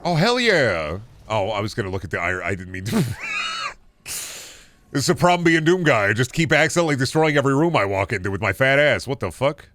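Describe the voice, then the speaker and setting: A young man from the American Midwest talks over his gameplay stream in a loose, joking way. He swears freely and slips into silly bits. His pitch swings around a lot as he riffs. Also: sing-song, fast talker, a bit bright. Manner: goofy, profane, jokey riffing with mock voices. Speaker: streamer playing a game. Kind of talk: casual gameplay commentary.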